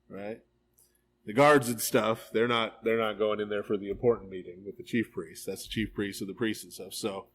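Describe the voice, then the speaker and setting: A male priest with a lowish voice reads scripture and retells it breezily and with energy, frequently adding "right?", in a verse-by-verse Bible study. It was recorded live in a church hall, and the low-quality audio carries a little hiss or hum.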